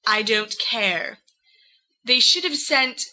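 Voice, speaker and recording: A woman's voice: a little high, expressive, takes it slowly, pushed and bright, exaggerated voice, poor audio. A woman voicing a fierce, worried eighteen-year-old young woman who scolds in an exasperated way. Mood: scolding.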